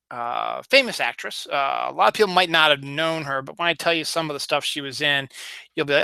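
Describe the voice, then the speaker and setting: A man's voice: on the high side, expressive, moderate pace, gravelly, bright, forceful tone, smooth, no echo. A man in his forties from Baltimore with a light Baltimore accent, hosting a solo podcast in a rambling casual chat with many fillers and restarts. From Baltimore, Maryland. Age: 40s. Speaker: podcast host.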